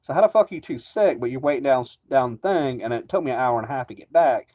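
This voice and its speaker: A man's voice: mid-range voice, animated, fast talker. A man ranting casually to camera, rambling and agitated, swearing constantly. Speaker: vlogger. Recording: dull lo-fi recording.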